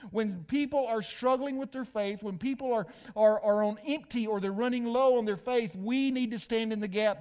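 A man preaching a sermon, asking his listeners questions and answering them himself, with loud emphatic peaks and hushed quiet lines. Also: sits high. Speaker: pastor.

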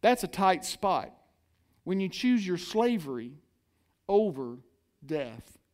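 A high-pitched middle-aged male pastor delivering a lively sermon. He plays out the voices of the people in the story and pulls the congregation in with call-and-response. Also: slow pace.

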